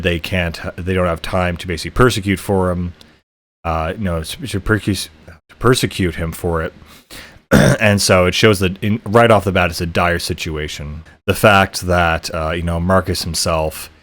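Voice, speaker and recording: A man hosting a podcast, talking casually about a video game with many fillers, restarts and frequent throat clearing. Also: low voice, fairly bright tone. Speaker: podcast host. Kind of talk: casual game review talk.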